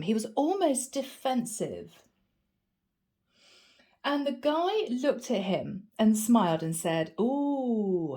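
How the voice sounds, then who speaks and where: A woman with a gravelly voice from a cold, giving a chatty, animated tarot reading. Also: fairly high pitch, slow. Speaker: tarot reader. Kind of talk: casual spoken tarot reading.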